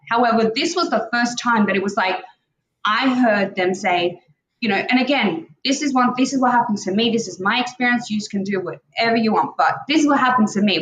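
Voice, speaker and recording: A woman's voice: a little high, roomy sound, rough recording. A woman co-hosting a casual spiritual talk show, talking earnestly and rambling as she acts out her inner dialogue. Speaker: co-host.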